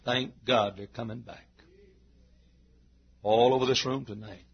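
A man preaching a sermon to his church, repeating phrases and rising into shouted climaxes. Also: medium pitch, slightly rough. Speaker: pastor. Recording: dull lo-fi sermon recording.

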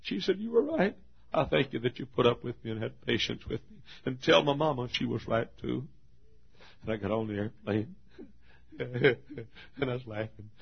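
A gravelly, husky older man preaches a sermon. He swings between quiet, hushed storytelling and sudden shouted peaks. The recording is dull and lo-fi. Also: medium pitch, moderate pace. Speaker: pastor.

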